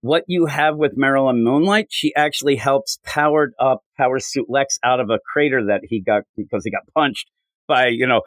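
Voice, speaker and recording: This podcast co-host speaks at a medium pitch, reviewing comics in relaxed conversation and animatedly performing characters' dialogue in rapid voices. There's no room sound, but the audio quality is poor.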